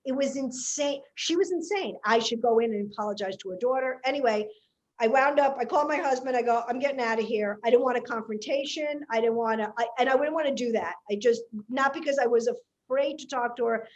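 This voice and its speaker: A woman comedian, telling a story in casual podcast chat, animated and chatty. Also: fairly high pitch, brisk, highs cut off.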